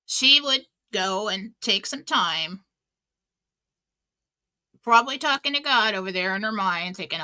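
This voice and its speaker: Bright-voiced woman radio host. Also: mid-range voice, expressive, unhurried, pauses often. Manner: chatty storytelling with many fillers and restarts. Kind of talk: casual inspirational talk.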